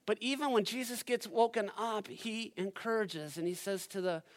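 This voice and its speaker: A male pastor preaches at a church service, addressing the congregation directly and swinging between loud, driving passages and hushed ones. His voice is high-pitched and his pace moderate.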